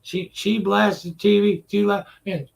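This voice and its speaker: A man's voice: sits high, level tone, slow pace, vocal fry. A man ranting to camera in an exasperated, repetitive way, cursing often as he vents. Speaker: vlogger. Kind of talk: profane venting rant to camera.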